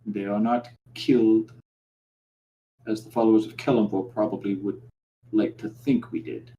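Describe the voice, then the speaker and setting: Man putting on a drow noble, haughty, menacing, hushed and low. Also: steady tone, normal speed, dull audio, slight background noise, lightly acted. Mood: cold, proud.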